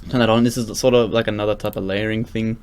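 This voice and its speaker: This young man's low-leaning voice holds a steady tone at a quick pace, with slight background noise. In a casual screen-recorded music production tutorial, he rambles loosely with many fillers and restarts against loud synth music and keyboard typing.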